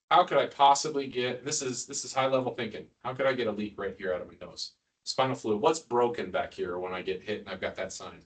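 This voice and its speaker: A man's voice: medium pitch, far from the mic. A man, a neurosurgeon, giving an informal teaching lecture to ICU staff, quizzing the room and joking as he goes. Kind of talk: casual teaching lecture with quiz questions.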